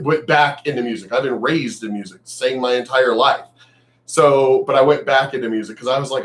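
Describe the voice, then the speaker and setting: A man ranting bluntly on his vlog, cursing freely and swinging between loud outbursts and quieter asides. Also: mid-range voice, measured pace. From United States. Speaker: vlogger.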